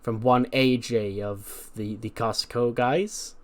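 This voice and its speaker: A man voicing a female backstage interviewer who asks rambling, halting questions. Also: mid-range voice, fairly even intonation, natural voice. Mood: hesitant.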